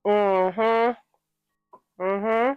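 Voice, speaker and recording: A woman from New England hosts a live stream and banters with her viewers between readings. She is sassy and quick to laugh, and her voice sits at an ordinary middle pitch. The sound is dry and close, with faint music playing underneath. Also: fairly even intonation, clean tone, dry recording, muffled recording. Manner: playful and sassy, laughing often. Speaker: livestreamer and author reading her novel.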